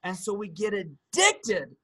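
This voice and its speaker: A man talking as a guest health practitioner in a casual discussion, animated, breaking into loud acted outbursts and dropping into hushed asides. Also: high-pitched, slow, crowd noise, poor audio. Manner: animated, acts out angry outbursts and quotes.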